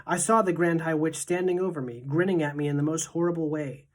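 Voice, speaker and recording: Teacher narrator, female, deep-pitched, steady expressive storybook reading. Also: fairly quick.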